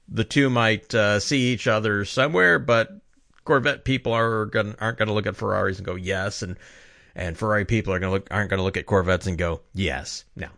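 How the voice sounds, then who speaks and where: A man's voice: lowish voice, a bit bright, no room sound, studio quality. A man giving a casual opinion monologue, rambling and often correcting himself as he talks. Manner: rambling, self-correcting, conversational. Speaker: commentator.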